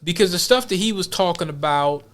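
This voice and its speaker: A man's voice: high-pitched, lively intonation, a little fast, fairly bright tone. Emphatic male podcast host. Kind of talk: casual podcast commentary.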